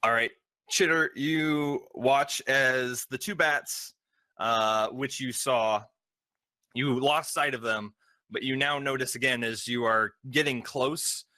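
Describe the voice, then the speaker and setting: Slow, halting game master, man. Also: medium pitch, steady tone, bright, forceful tone, no echo. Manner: halting, filled with ums and uhs. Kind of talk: narrating a tabletop game.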